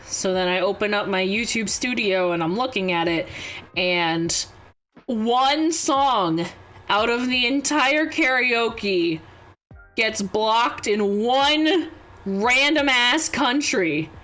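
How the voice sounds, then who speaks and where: A woman's voice: fairly high pitch, slow pace, faint music behind. A young woman streamer, chatting casually and rambling through stories with frequent giggles. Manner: giggly, rambling, animated storytelling. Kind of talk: casual chat.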